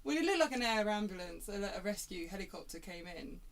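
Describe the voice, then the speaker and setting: A woman's voice: mid-range voice, big pitch swings, quick pace, vocal fry. Chatty woman telling a story. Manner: chatty, laughing, many fillers and restarts. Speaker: band member chatting on a stream. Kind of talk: casual chat, storytelling. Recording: background noise.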